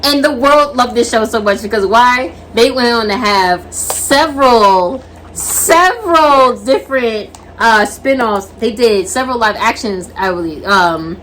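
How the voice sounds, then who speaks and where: Animated woman recapping a show. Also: a little high, measured pace, slight background noise, poor audio. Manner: animated storyteller acting out characters' lines. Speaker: podcast co-host. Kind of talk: casual anime discussion.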